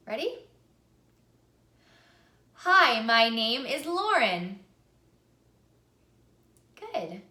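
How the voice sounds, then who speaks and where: A woman teaches singing to camera in a bright, upbeat voice that sits a little high. She moves from speaking into singing short phrases to demonstrate. The room adds a noticeable echo. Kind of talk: vocal lesson to camera.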